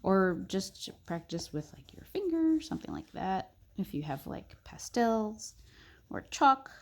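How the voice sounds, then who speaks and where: A young woman narrating a casual drawing tutorial, chatty and thinking aloud with soft muttered asides. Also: medium pitch, big pitch swings, unhurried.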